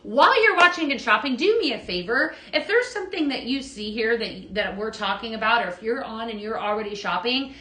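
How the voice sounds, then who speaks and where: A woman's voice: on the high side, animated, brisk, hardly any pauses, sharp tone. A woman hosting a live shopping stream, chatty and upbeat, greeting viewers by name as she demonstrates products. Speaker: host of a live shopping show. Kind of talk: live product demo selling chat. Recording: echoey room.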